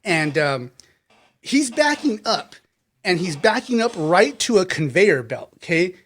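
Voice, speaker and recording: A man narrating as game master of a tabletop game, animated and quick to laugh, acting out characters. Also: high voice, a little hiss or hum.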